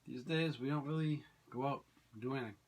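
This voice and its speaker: A man's voice: mid-range voice, fast. A man co-hosting a podcast in casual chat, dropping in dry, joking remarks. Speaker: podcast co-host.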